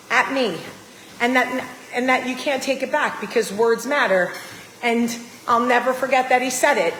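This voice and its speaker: A woman's voice: a little high, fairly bright tone, slight background noise. Emotional woman telling a story in an echoey room. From New Jersey. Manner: emotional, confiding, emphatic storyteller. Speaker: vlogger. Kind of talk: casual storytelling to camera. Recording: roomy echo with long reverb.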